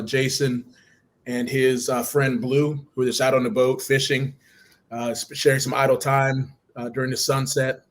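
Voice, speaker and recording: A man co-hosting a live stream, walking through comic pages in an even tone with many pauses. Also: mid-range voice. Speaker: co-host. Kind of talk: describing comic art.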